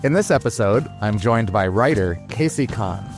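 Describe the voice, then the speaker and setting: A man with a very deep voice hosts an interview show. He speaks calmly and in a measured way as he introduces the episode and asks his guest questions. Music plays clearly behind him. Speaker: podcast host.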